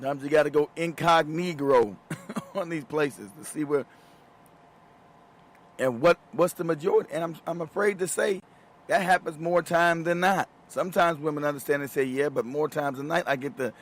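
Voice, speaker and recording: A man's voice: a little high, normal speed. A man hosting a show, talking in a casual, emphatic monologue full of profanity and frequent laughter. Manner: emphatic and profane, laughs often mid-sentence. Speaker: show host.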